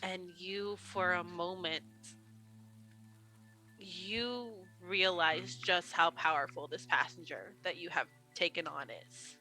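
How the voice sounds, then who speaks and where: Slow, bright-voiced woman narrating. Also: fairly low pitch, faint music behind, poor audio. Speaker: game master. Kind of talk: narrating a tabletop role-playing game.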